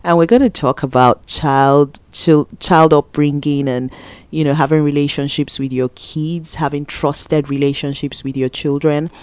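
Low-voiced woman giving a motivational talk. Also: normal speed, no echo. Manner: conversational, repeats words for emphasis; laughs and grows animated when telling stories. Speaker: motivational speaker.

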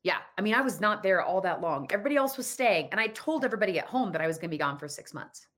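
A woman's voice: mid-range voice, animated, rapid-fire, a bit bright. A woman in her thirties telling a personal story in casual conversation, acting out the dialogue in quoted voices.

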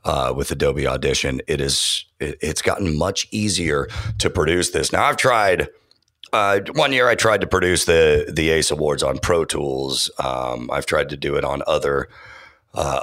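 A man who works as a podcast producer and audio engineer, answering interview questions in a relaxed, thoughtful way with frequent fillers and restarts. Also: extremely low pitch, no room sound, clean studio sound.

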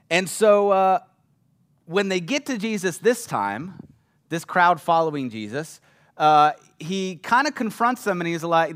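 A man's voice: a little high, fairly bright tone. A man preaching a casual, conversational sermon who often checks in with his listeners and acts out the people in the story. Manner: chatty, often checks in with "right?", acts out quotes.

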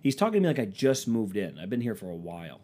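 A man's voice: lowish voice, very animated, fast, a little mellow. Sarcastic, profane young man with a stuffy nose. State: stuffy-nosed from allergies. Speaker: vlogger. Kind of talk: casual comedic monologue.

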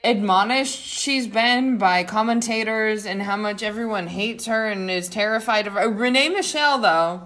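A woman's voice: mid-range voice, moderate pace, few pauses, fairly bright tone. A woman in casual podcast chat, gushing and swearing, often restarting her sentences with a string of "like"s. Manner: gushing, profane, lots of restarts and "like". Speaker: podcast guest.

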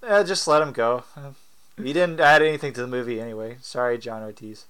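A man's voice: medium pitch, fairly quick, fairly bright tone, clean tone. A man co-hosting a casual movie commentary, joking, laughing often and trading quips with friends. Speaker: podcast co-host.

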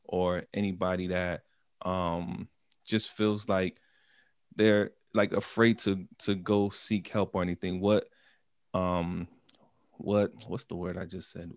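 A man hosting a casual podcast interview, easygoing in manner and quick to laugh. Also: low-pitched, little pitch movement, dry recording, studio quality. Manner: laid-back, easygoing, laughs often. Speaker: podcast host.

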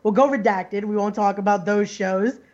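A man's voice: sits high, fairly even intonation, moderate pace, a little mellow, highs cut off. A man co-hosting a wrestling podcast, speaking in a reflective, heartfelt way. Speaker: podcast co-host. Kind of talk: casual podcast chat.

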